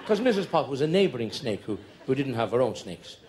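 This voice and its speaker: A man's voice: medium pitch, sing-song, fairly quick, background noise. A middle-aged Irish man telling long comic stories on stage in a chatty, conspiratorial way, building jokes through repetition. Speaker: stand-up comedian. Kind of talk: live stand-up storytelling.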